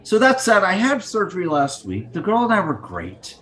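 Middle-aged male podcast host, scatterbrained and crude, animated delivery, slightly high voice, video call mic. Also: moderate pace, faint music behind. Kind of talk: casual rambling monologue.

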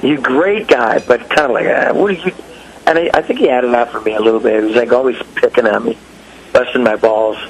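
A middle-aged man telling stories in casual chat, animated, acting out quotes in raised voices. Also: mid-range voice, quick pace, rough recording. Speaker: guest musician.

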